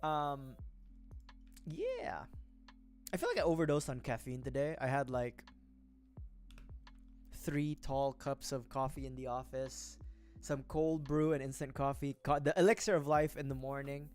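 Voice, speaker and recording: A young man from the Philippines talks through a livestream in a loose, rambling and self-deprecating way. His voice sits at an ordinary middle pitch, with faint music playing underneath. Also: lively intonation, measured pace, pauses often, a little mellow. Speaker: livestreamer building a model kit. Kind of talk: casual chat.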